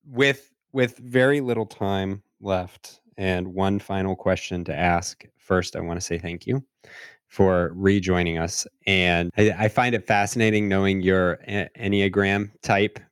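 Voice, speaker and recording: A male podcast host talking in a reflective way, restarting phrases and slowing down to stress his points. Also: low-pitched, steady tone, smooth, no echo, clean studio sound. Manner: reflective, searching for words, repeats himself, slows down to stress points. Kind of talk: casual podcast conversation.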